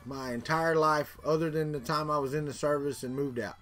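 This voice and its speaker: Chatty Southern man, slightly high voice. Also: steady tone, a little fast, fairly bright tone, soft background music. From Florida, US. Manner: rambling, repeats words, chuckles often. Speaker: livestream host. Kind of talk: casual chat answering live viewers.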